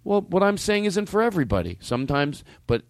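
A man hosting a casual comedic podcast chat, ranting in a quick, profane, animated way. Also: sits high, no echo. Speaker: podcast host.

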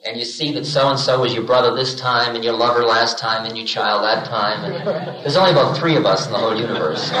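Guy giving a spiritual talk, storytelling, does little voices for laughs, roomy echo. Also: mid-range voice. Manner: storytelling, acts out quoted voices with humor. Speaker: spiritual teacher. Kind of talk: spiritual lecture.

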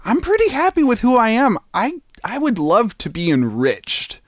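A man co-hosting a podcast in a casual, playful chat, theatrical and quick to laugh. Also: extremely high pitch, wildly swooping pitch, no room sound, clean studio sound. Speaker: podcast co-host.

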